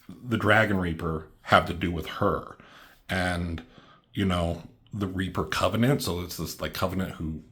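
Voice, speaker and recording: A man casually walking through his own comic book, reading bits of dialogue and rambling with many fillers. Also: low-pitched. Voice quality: rambling, many fillers, reads dialogue with slight character shifts.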